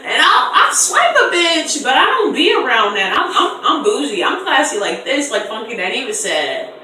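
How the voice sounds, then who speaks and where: A young woman in her twenties telling a storytime on camera in an animated, slangy way, acting out voices in quotes. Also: sits high, normal speed, slight background noise. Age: 20s. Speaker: vlogger. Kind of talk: casual storytime. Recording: echoey room, distant mic.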